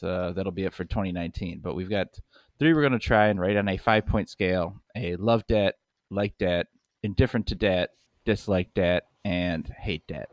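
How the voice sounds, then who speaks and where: A man's voice: low voice, no room sound, studio quality. A man co-hosting a comedy snack podcast, reading articles aloud and laughing often. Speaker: podcast co-host. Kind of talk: casual comedic chat.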